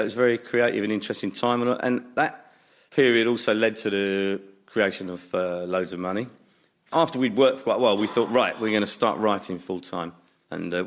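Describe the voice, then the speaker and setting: A middle-aged man with a lowish voice talks casually in a radio interview. He tells anecdotes in a self-mocking way and often breaks into laughter. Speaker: guest comedian.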